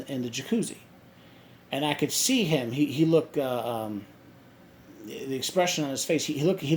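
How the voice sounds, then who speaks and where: A man telling a story casually to his viewers, halting with many restarts and fillers. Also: on the high side, darkish tone, a little hiss or hum. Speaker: vlogger.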